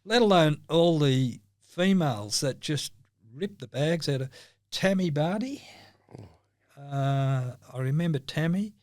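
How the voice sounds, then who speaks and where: A man's voice: on the high side, unhurried, dry recording, clean studio sound. An older Australian man, a podcast guest in casual chat, telling rambling anecdotes and laughing often.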